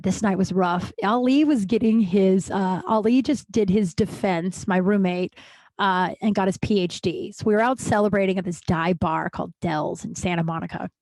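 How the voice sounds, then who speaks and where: A woman's voice: medium pitch, darkish tone, no room sound. A woman hosting her own podcast, telling a personal story in a chatty, casual way, peppered with "like", and acting out what people said. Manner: chatty, heavy use of "like", acts out quoted voices. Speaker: podcast host.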